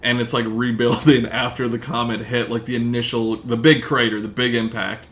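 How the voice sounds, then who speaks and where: A man's voice: mid-range voice, flat delivery, normal speed, a bit bright. A man hosting a podcast in casual chat, rambling through a movie recap with lots of fillers. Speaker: podcast host.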